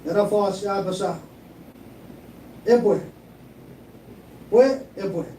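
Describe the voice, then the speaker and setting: A man's voice: high voice, takes it slowly, dark tone. A man preaching a sermon, switching between English and Chuukese and repeating his phrases. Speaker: pastor. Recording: echoey room, mic at a distance, faint noise.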